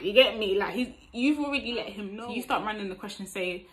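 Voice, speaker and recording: This time the young East London vlogger talks fast in a medium-pitched voice, giving dating advice with animated role-play of both people in chat-up lines. Expect street slang, "you get me?" tag questions, and a low-quality recording.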